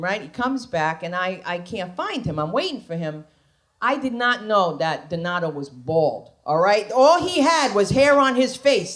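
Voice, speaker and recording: A woman performing a stand-up comedy set, telling wild stories with shrieks and frequent asides to the audience. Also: mid-range voice. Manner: animated storytelling with shrieks and asides to the crowd. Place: comedy club stage.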